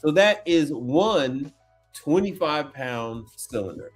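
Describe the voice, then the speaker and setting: Guy on a livestream, chatty and slangy, keeps going "wait wait wait", a bit of music playing low behind him. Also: slow pace. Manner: animated, exclaims and repeats himself, slangy. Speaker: appliance repair tech livestream host. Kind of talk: casual livestream chat while browsing online.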